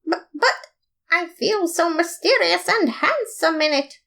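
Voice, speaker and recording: Woman voicing a showy male skeleton sleuth, high and bouncy, for a fan audiobook. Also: animated, unhurried, vocal fry, pushed and bright, exaggerated voice. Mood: dramatic. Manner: dramatic, self-important. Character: excitable male skeleton detective, theatrical.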